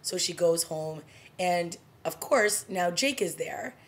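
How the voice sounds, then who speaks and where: A woman casually recapping a TV drama episode for her vlog, animated, laughing often and throwing in dramatic asides. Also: fairly low pitch, slow. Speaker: TV review vlogger.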